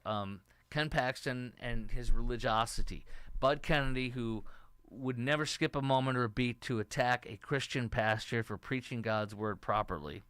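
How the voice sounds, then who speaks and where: A man's voice: medium pitch, fairly bright tone, clean tone, dry recording. A middle-aged man from Texas hosting a political talk show, giving opinionated, rambling commentary and reading viewer comments aloud.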